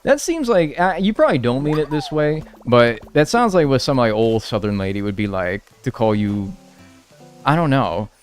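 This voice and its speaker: Chatty young male streamer, lively pitch. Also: moderate pace, soft background music. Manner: rambling, self-deprecating, answers chat. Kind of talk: casual live-stream chat.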